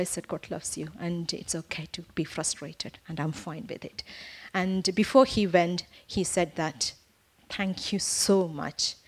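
A woman recounts a personal story of faith to her fellow believers. Her voice sits a little low, and she talks earnestly, stopping and restarting with plenty of fillers. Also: a little mellow. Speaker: church member giving testimony. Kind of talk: personal testimony in a prayer meeting.

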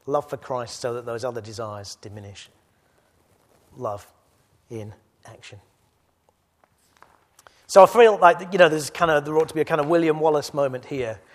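A man delivering a sermon in a medium voice, speaking gently and thoughtfully in one stretch, then urging his listeners on with rising force. He addresses a church gathering directly. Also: medium pitch, animated, normal speed, long pauses. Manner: swings from quiet reflection to loud exhortation. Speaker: preacher.

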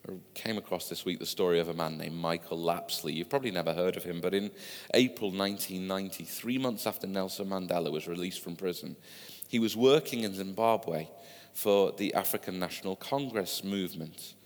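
Male preacher, fairly low voice, conversational storytelling sermon. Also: brisk. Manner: conversational storytelling with asides to listeners. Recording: long hall reverb.

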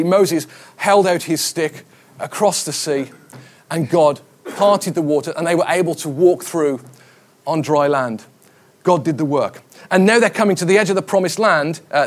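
A middle-aged man, a pastor, preaching a conversational sermon, with stories and quoted voices. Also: on the high side.

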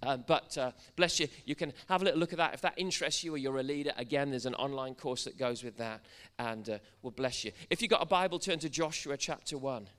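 A man's voice: mid-range voice, fast talker, few pauses, fairly bright tone, clear, resonant tone. A man from Wales preaching a church sermon, joking with the congregation and building to fervent proclamation. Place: church service in front of a congregation.

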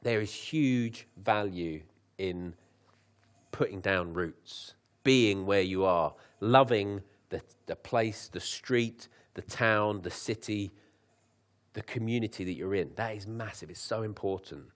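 Preacher, low and conversational. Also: male voice. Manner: conversational, laughs at his own asides; reads scripture slowly with lifted emphasis. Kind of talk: sermon.

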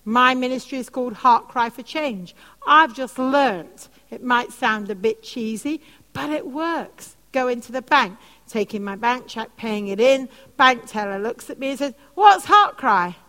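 A woman preaching and teaching on prayer, telling animated stories. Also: a little slow. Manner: animated storytelling, soft lowered voice for quoted comforting words. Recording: long hall reverb.

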